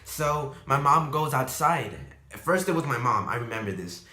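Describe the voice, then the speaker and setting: A man's voice: mid-range voice, animated, normal speed, bright, forceful tone. A young man telling a story to the camera in a rambling, emotional way with many fillers. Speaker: vlogger. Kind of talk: casual storytime. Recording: echoey room.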